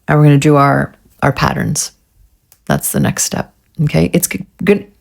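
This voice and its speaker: A woman's voice: deep voice, very animated, moderate pace, creaky. A woman vlogger chatting casually through a nail art tutorial, getting frustrated and swearing at herself.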